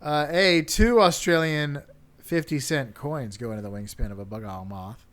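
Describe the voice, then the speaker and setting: A man's voice: fairly high pitch, a bit bright. Laughing man hosting a casual chat. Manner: jokey, laughs often, reads facts haltingly. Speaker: podcast co-host.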